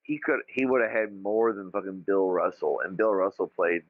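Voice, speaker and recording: A man's voice: low-pitched, steady tone, normal speed, dry recording, phone-quality sound. A man from Kentucky hosting a casual livestream chat, profane and jokey, often mimicking other people. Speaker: podcast host.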